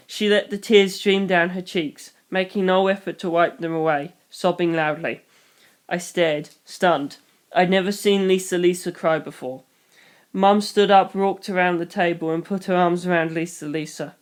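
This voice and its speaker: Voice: mid-range voice, steady tone, clear, resonant tone. Reader narrating a novel in first person. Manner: brisk, with wry asides.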